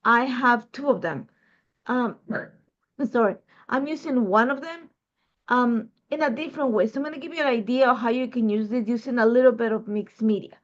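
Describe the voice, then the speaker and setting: A high-voiced woman from Ecuador with a Spanish accent talks through her crafting, rambling with plenty of fillers. Her throat is irritated and she is holding back a cough. The recording is dull and lo-fi. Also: normal speed. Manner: chatty, rambling, many fillers. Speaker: crafting host. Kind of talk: casual crafting process video.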